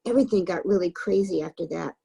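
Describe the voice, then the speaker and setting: A woman reads a novel aloud for a book club. Her voice sits low and dark, with a gravelly, husky grain. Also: fast, rough recording.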